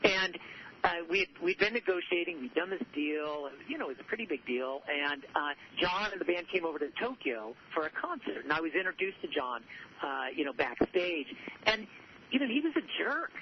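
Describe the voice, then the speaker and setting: A man's voice: fairly high pitch, sing-song, fairly quick. Upbeat man telling stories in interview. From southern California. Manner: earnest, repeats himself, upbeat. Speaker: author and guest. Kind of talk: conversational interview storytelling. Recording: muffled audio with faint noise.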